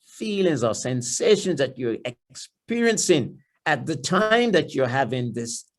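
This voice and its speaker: Trinidadian man giving a church talk. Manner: repeats words and restarts, acts out inner thoughts in a lower softer voice. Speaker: guest speaker at a church family life series. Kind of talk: seminar-style talk in church.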